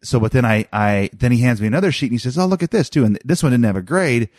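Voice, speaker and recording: A man's voice: mid-range voice, expressive, quick pace, darkish tone, no room sound, studio quality. A man in his thirties chatting casually about his son, rambling with many restarts and fillers. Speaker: father telling a family story. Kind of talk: casual chat.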